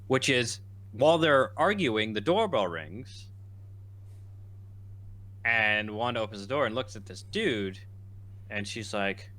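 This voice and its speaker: A man co-hosting a podcast, chatting casually and rambling, acting out scenes in animated bursts. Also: on the low side, takes it slowly, pauses often. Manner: rambling, animated, quotes characters in lively bursts. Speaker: podcast co-host. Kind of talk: casual chat.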